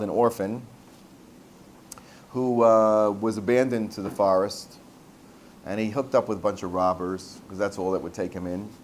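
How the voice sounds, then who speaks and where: A man's voice: on the low side, slight background noise. A man, a rabbi teaching a Torah class, talking animatedly, repeating words and mixing in Hebrew terms. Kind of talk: Torah lecture with storytelling.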